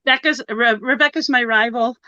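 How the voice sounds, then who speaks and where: A woman's voice: a little high, brisk, pushed and bright, no echo. A woman co-hosting a live-stream chat, playful and teasing. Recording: dry, muffled sound.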